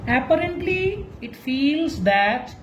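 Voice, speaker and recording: A woman teaching a literature lesson, explaining slowly and deliberately, with restarts. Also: high voice, very animated, slight background noise, rough recording. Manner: slow and deliberate, with restarts and emphasis. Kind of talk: literature lecture.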